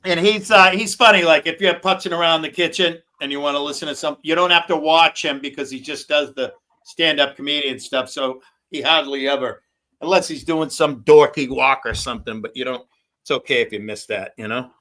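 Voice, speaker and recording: New guy hosting a stream, rambly and swearing a lot, bright kinda high voice. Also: steady tone, a little fast, rough recording. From New England. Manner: rambling, profane, swears freely. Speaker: livestream host. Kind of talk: casual chat.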